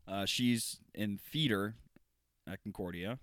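A young man co-hosting a podcast speaks in a lowish, smooth voice, close to a dry mic. He rambles and swears emphatically in casual chat. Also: slow, a bit bright, dry recording. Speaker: podcast co-host.

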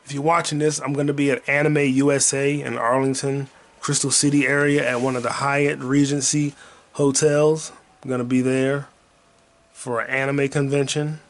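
A man's voice: medium pitch, little pitch movement, normal speed. Rambling, profane man chatting casually. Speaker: podcast host playing a video game. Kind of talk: casual gaming commentary.

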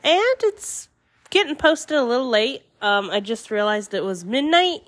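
A woman's voice: fairly high pitch, very animated. A young woman hosting her own podcast, chatting casually and rambling with fillers, sounding a little congested. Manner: slow, rambling, with many fillers and laughs. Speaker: podcast host. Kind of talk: casual solo podcast chat.

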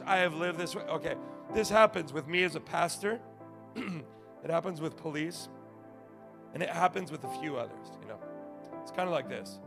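High gravelly male pastor preaching. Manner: animated storytelling, swings from shouting to quiet. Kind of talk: sermon.

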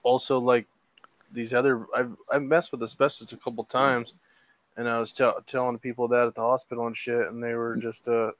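A man co-hosting a casual podcast, talking loosely with swearing and halting restarts. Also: medium pitch, level tone, dull audio. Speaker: podcast co-host. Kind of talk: casual chat.

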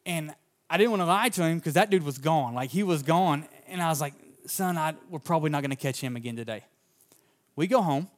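A male pastor with a somewhat high voice delivers a sermon. He tells a personal story in an earnest, folksy, down-to-earth way and speaks straight to his congregation. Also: animated, brisk.

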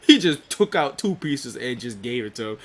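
A man's voice: medium pitch, sing-song, normal speed. A man co-hosting a podcast, recapping a show episode in casual, profane talk, laughing often and restarting sentences. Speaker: podcast co-host.

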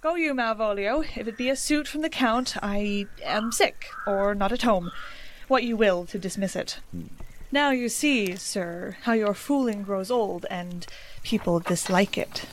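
An actress playing a proud young noblewoman in Elizabethan stage style, measured and commanding. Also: mid-range voice, a little hiss or hum, lightly acted.

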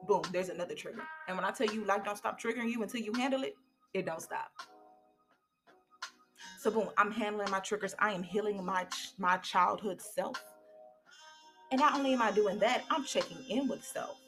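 A woman's voice: mid-range voice, normal speed, a bit bright, soft background music. A woman in her thirties hosting a podcast, giving a candid, colloquial motivational talk. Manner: candid, colloquial, preachy storytelling. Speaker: podcast host.

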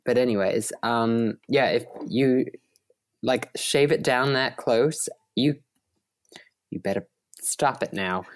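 A man's voice: medium pitch, slow pace. A man co-hosting a podcast from a desk in his small apartment, chatting casually, laughing often and trailing off mid-thought. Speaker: podcast co-host. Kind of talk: casual chat.

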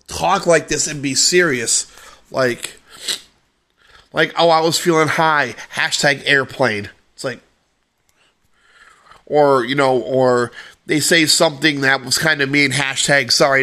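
A man's voice: on the high side, pushed and bright. A man hosting a solo podcast, ranting with lots of profanity in an exasperated way. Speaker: podcast host.

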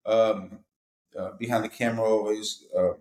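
A man's voice: lowish voice, fairly even intonation, moderate pace, darkish tone. Laid-back slangy man, roomy sound. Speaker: podcast guest. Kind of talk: casual chat.

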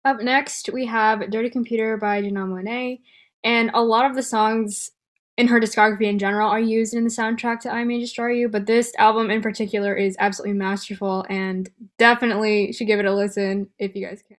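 A young woman with a slightly high voice co-hosts a podcast. She talks casually and effusively, piling on praise. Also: little pitch movement, fairly quick. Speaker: podcast co-host. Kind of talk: casual chat.

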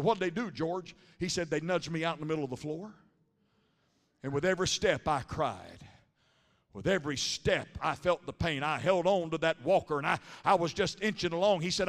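A man preaching a sermon in church, moving from quiet storytelling to shouted climaxes. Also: sits high. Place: church sanctuary during a service. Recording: reverberant church sanctuary.

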